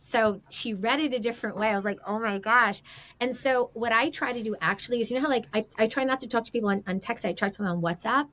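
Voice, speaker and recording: A woman guest on a podcast giving casual marriage advice in an animated way, acting out quoted remarks. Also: a little high, fast talker.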